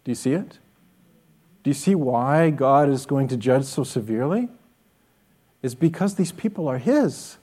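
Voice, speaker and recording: A man's voice: medium pitch, lively intonation, moderate pace, pauses often, mellow, husky. A man preaching a sermon as pastor, earnest and direct, often asking his listeners rhetorical questions. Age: adult with children.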